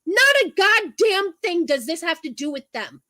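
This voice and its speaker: Woman, very high voice, angry livestream rant, profane, repeats herself, dry close sound. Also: big pitch swings, moderate pace, sharp tone, dry recording, poor audio.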